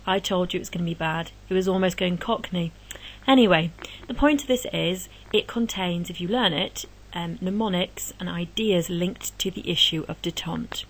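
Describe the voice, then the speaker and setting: A woman history teacher giving an exam revision lesson, explaining answers step by step in a brisk, encouraging way. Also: on the low side, slightly rough, poor audio.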